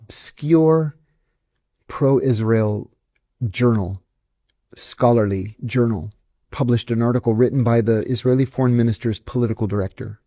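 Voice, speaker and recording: A man's voice: medium pitch, moderate pace, mellow, no echo, clean studio sound. A man, a former intelligence officer, giving emphatic, indignant answers in an interview. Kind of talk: interview storytelling.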